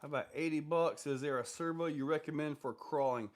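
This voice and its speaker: A livestream host with a fairly high voice talks a little fast as he reads viewer comments aloud. He answers viewer questions casually and loosely, rambling and leaning on fillers.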